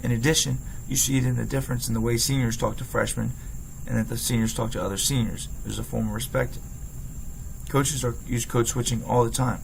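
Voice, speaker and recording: Gravelly-voiced young Philly man reading. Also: medium pitch, fairly even intonation, brisk, slight background noise, low-quality recording. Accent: Philadelphia. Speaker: former player and football coach. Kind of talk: read-aloud personal essay narration.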